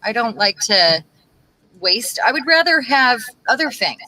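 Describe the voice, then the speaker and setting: A woman's voice: a little high, unhurried, dry recording, low-quality recording. A woman co-hosting a craft livestream, chatting in a rambling way while she works. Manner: animated, rambling. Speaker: livestream co-host. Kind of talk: casual chat while crafting.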